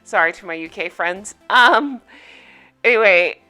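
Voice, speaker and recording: A bright, forceful-toned woman chats her way through a casual recap of a reality show. She rambles enthusiastically, full of fillers and asides, with soft music faintly in the background. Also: mid-range voice, lively intonation, a little slow, clear, resonant tone. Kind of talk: casual solo recap chat.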